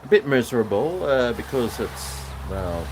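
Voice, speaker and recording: A man's voice: mid-range voice, sing-song, measured pace. A man with an Australian accent chatting casually on a livestream, rambling with jokey asides and talking to his dog. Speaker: livestream host. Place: house, indoors and on a balcony. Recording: echoey room with faint background noise.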